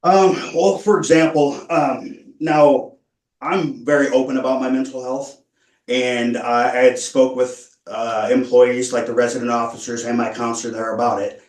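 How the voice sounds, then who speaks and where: A man speaking at a parole hearing, earnest and halting, stumbling through many restarts as he explains himself. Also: mid-range voice, fairly even intonation. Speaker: parole applicant. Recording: echoey room, far from mic.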